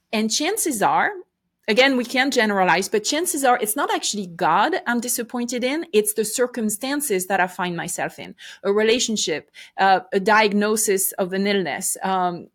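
A woman's voice: mid-range voice, measured pace, a bit bright. Earnest reflective woman guest. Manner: reflective, earnest, with frequent restarts. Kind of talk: faith interview conversation.

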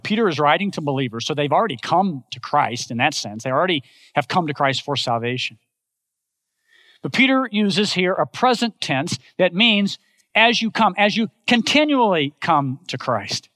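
A woman's voice: medium pitch, fairly bright tone, no echo. A middle-aged woman pastor giving a sermon in an emphatic, repetitive preaching cadence.

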